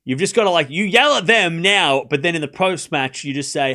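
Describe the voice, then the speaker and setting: A man's voice: fairly high pitch, animated, a little fast, hardly any pauses, sharp tone. A man hosting a live tennis watchalong stream, rambling casually with lots of "you know" and restarts. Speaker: host.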